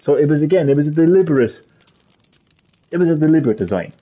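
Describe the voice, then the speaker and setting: A man's voice: a little high, expressive, fast talker, breathy edge, lo-fi sound. A man live streaming a heated gaming rant, swearing a lot and repeating his points with emphasis.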